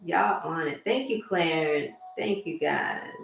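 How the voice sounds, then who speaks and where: A woman mindset coach on a phone livestream, talking casually and warmly to viewers and reading their comments aloud. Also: sits low, slow, creaky, highs cut off, a little hiss or hum. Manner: warm, chatty, addresses viewers directly and reads their comments aloud. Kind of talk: casual motivational livestream talk. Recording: very echoey room with faint music.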